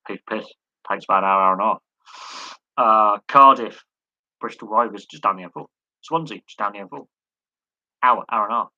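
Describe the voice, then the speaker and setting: Rambling man, bright dry voice. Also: on the low side, brisk, long pauses, no room sound, muffled recording. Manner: rambling, repeats words, many fillers. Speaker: host. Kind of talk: live sports chat stream.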